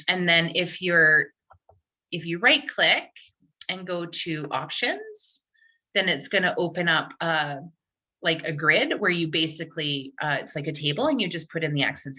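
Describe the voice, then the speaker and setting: A woman leads a live online tech workshop for teachers in a low, expressive voice that sounds pushed and bright, at a moderate pace. She's chatty, full of fillers and restarts, heard through a computer mic on a video call with dull, lo-fi audio.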